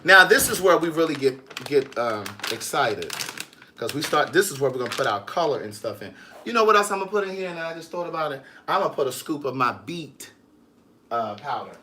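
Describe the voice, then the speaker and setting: A man's voice: a little high, lively intonation, fairly quick, bright, forceful tone, slight background noise. A man in his home kitchen chatting casually through a how-to, sassy and teasing, calling the viewer niece and girl. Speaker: vlogger and writer.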